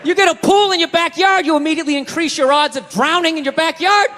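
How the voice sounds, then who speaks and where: A male stand-up comic ranting in an explosive, shouting delivery, with a high voice and a bright, forceful edge. The sound carries a long reverb from a live venue, with a faint hum of ambience underneath. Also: fast. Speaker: stand-up comedian. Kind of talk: stand-up comedy.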